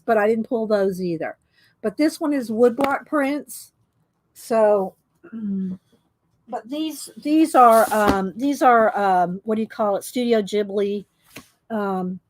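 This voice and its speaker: Chatty woman rambling through her art books. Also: on the high side. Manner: rambling, chatty, many fillers and restarts. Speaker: art book vlogger. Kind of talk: casual show-and-tell chat.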